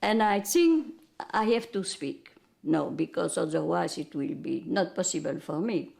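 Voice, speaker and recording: An older woman from Belgium with a Belgian French accent, French being her first language, recounting memories in halting English and searching for words. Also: fairly low pitch, lively intonation, gravelly, a little mellow. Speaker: interviewee.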